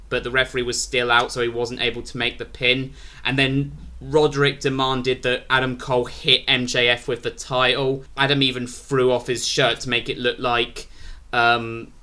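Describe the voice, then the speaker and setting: A man's voice: medium pitch, pushed and bright. A British man rambling through a casual review of a wrestling show, restarting his sentences often. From Britain.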